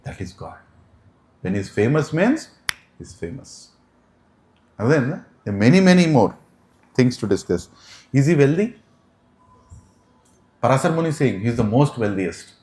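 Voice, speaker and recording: A man with an Indian English accent giving a scripture class, animated and firing rhetorical questions at his audience. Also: medium pitch, brisk, long pauses. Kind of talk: sermon. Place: devotional center hall. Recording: echoey room.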